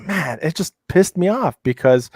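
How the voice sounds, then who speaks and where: A man's voice: high voice, expressive, normal speed, no echo. A middle-aged man speaking in a casual panel discussion, heated and profane, often restarting his sentences.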